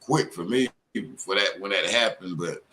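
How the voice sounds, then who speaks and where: A middle-aged man hosting a live stream with a lowish voice. He rambles casually, full of slang and profanity. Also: normal speed, sharp tone.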